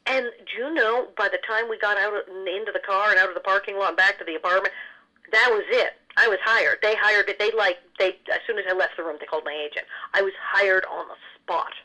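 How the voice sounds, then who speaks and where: A woman guest in a casual interview, telling stories in an animated way and laughing often. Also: mid-range voice, poor audio. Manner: animated, quick storyteller who laughs often. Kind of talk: casual storytelling chat.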